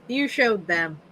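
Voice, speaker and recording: A woman's voice: fairly high pitch, slight background noise, poor audio. A woman co-hosting a casual chat, jumping in with comments. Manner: chatty, jumps in with comments.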